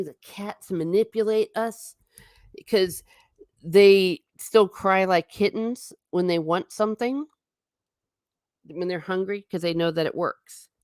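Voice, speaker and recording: A woman's voice: fairly low pitch, no room sound, studio quality. A woman hosting a casual livestream, chatting in a rambling way, reading viewer comments aloud and laughing often. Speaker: livestream host reading chat.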